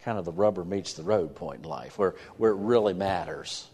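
Male pastor, lowish voice, earnest sermon delivery with restarts, church setting. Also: brisk, a little mellow, husky. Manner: earnest, repeats words when starting phrases.

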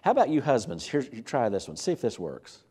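A man preaching a sermon as pastor, animated, asking rhetorical questions and repeating words as he builds his point. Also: medium pitch, brisk, husky.

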